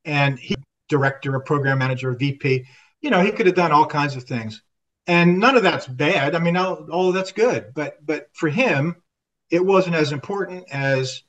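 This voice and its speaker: An older man with a slightly high voice tells a story in a relaxed conversational way, lively and full of quoted dialogue. He often restarts his sentences. He sounds a little far from the microphone. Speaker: podcast guest, army veteran.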